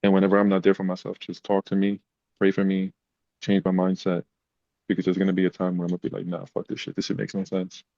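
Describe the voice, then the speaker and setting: Very deep flat-voiced man telling stories. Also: fast talker, gravelly, no echo, highs cut off. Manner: emotional, animated retelling. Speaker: podcast guest. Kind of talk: casual storytelling.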